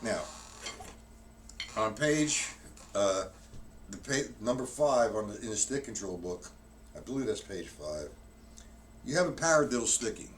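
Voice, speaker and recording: A man's voice: on the low side, animated, unhurried, pauses often, slight background noise. A man giving a live-streamed drum lesson, counting strokes aloud and explaining technique in a rambling way with many restarts. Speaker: drum teacher. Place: room with drums. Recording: distant mic with loud drum hits.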